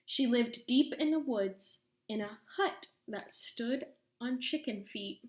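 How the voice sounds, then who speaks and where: A woman reading a children's story aloud, expressive and slowing for suspense. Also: on the high side, roomy sound. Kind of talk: read-aloud story narration.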